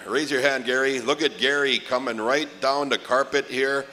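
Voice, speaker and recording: A man's voice: medium pitch, steady tone, moderate pace, bright, forceful tone. A middle-aged man, emceeing a powwow in a chatty, joking way and drawing out the names he calls. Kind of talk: live event announcing. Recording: reverberant arena PA sound.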